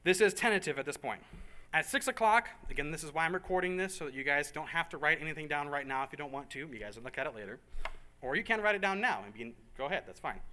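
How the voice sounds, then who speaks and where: A man with a bright, fairly high-pitched voice and a forceful tone briefs a room of volunteers on a church program he's organizing. The planning talk is casual and joking, given in a meeting room with a group present. He's upbeat, tossing in fast asides and repeating himself.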